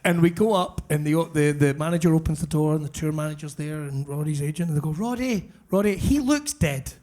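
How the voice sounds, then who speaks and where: A Scottish man with a fairly high voice, telling a wild comic story on stage at a live podcast. He is animated and swears freely as he spins the tale. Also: fast. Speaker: podcast co-host. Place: brewery event space with live audience.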